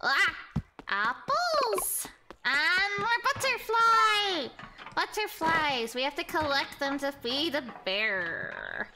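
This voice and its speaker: A woman VTuber streaming a game, excitable and bubbly, reacting with playful outbursts. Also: extremely high pitch, takes it slowly. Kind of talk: gameplay live stream.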